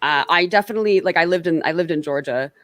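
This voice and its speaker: A woman's voice: on the low side, fast talker, a bit bright, dry recording. A woman hosting a casual political panel on a stream, chatty and self-qualifying, often restarting her sentences. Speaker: stream host.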